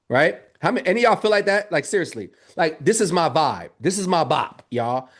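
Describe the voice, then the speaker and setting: A man's voice: high-pitched, brisk, few pauses. Upbeat, joking male trainer. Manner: energetic, joking, addresses audience as y'all. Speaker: business trainer. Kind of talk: live training talk.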